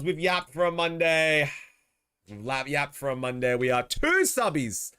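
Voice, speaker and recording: A man's voice: on the high side, sing-song, measured pace, pushed and bright, clean tone. A man with an Australian accent chatting casually to his live chat as a streamer, slangy and laughing often.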